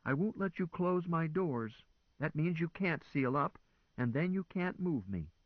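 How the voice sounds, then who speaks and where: A man's voice: on the high side, lively intonation, measured pace, no echo, narrow, tinny audio, pitched above the performer's own voice. A man voicing a fretful, stubborn female AI that runs a flying car, with an anxious, whiny manner. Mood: defiant.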